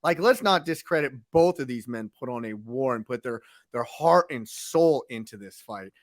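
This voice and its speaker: A man's voice: medium pitch, animated, normal speed. A man co-hosting a casual sports talk show who recaps events emphatically, like a storyteller. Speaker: co-host, sports commentator.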